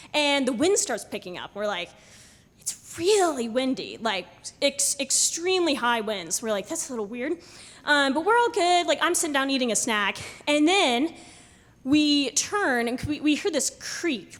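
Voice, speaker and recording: A young woman telling a true story live on stage to an audience, animated and laughing often as she acts out what people said. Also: high-pitched. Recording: live hall recording with long reverb.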